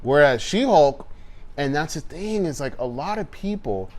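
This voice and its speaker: A man co-hosting a podcast, chatting casually and excitedly, acting out scenes with quick voices. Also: on the high side. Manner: animated, swearing, acts out scenes in quick voices. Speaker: podcast co-host. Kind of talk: casual chat.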